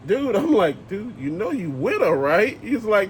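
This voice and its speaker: Profane ranting man, high voice. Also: sing-song, a little slow, few pauses, slight background noise. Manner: profane, emphatic, heated ranting. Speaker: channel host. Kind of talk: ranting commentary vlog.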